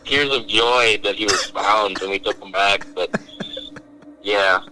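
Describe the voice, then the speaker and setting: A man's voice: on the low side, fairly even intonation, unhurried, bright, forceful tone, rough recording. A man hosting a podcast, telling a long story with lots of animation and quoting his friends in different voices. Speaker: podcast host. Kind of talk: casual storytelling chat.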